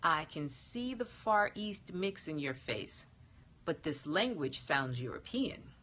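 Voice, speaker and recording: A woman voicing a gentle female genie who speaks formally and soothingly. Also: sits low, animated, takes it slowly, a little hiss or hum, full character voice. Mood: puzzled.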